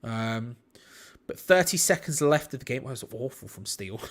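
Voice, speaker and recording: A man's voice: fairly high pitch, very animated, normal speed. A young man, hosting a live football watch-along with chatty, rambling commentary. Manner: chatty, rambling, self-deprecating. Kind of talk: casual live match commentary.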